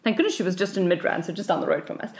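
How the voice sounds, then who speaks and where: Lower-voiced South African woman telling a story. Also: racing, gravelly. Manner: lively, acts out the voices of people in her story. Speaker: podcast co-host. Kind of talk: casual storytelling chat.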